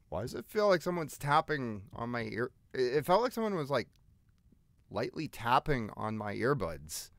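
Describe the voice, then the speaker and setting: A man's voice: medium pitch, big pitch swings, moderate pace, vocal fry, no room sound. A young man giving let's-play commentary on a horror game, with jumpy, chatty, half-joking reactions to scares. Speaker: gaming YouTuber.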